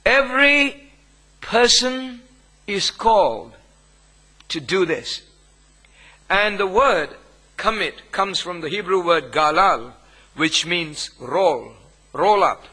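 A man, preaching a sermon as pastor, with emphatic phrasing and long pauses between phrases. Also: sits high, expressive, bright, forceful tone, poor audio.

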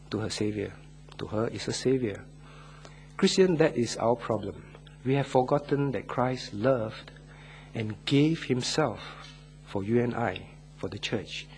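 Earnest preacher guy, medium voice, gets loud then goes quiet, stretches out the big words, faint hum in the back. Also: mid-range voice. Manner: earnest, swinging from loud stresses to hushed lines; draws out key words slowly. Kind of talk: sermon with closing prayer.

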